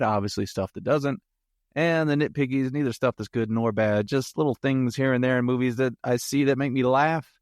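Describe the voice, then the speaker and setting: A man's voice: mid-range voice, a little mellow, dry recording, studio quality. A man hosting a solo podcast, reviewing a movie in a jokey, rambling way with self-mocking asides.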